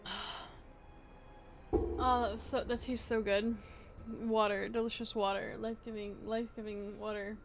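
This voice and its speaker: Brief: female streamer, tired, chatty and meandering, mid-high voice. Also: flat delivery, normal speed, long pauses, over music. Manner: rambling, thinking aloud with many restarts. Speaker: livestreamer. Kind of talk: casual stream chat.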